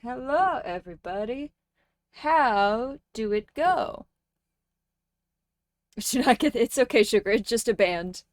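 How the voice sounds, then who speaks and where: A woman's voice: a little high, lively intonation, slow, pauses often, no echo, clean studio sound. A woman streaming a game live, chatting casually with chat and ranting with plenty of swearing. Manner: profane, ranting, greets chat.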